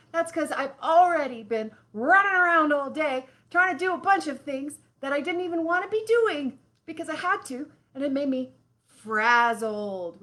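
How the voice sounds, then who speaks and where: A woman hosts a live lesson for children, speaking directly to them with lots of expressive sighs and exclamations. Her voice is high-pitched.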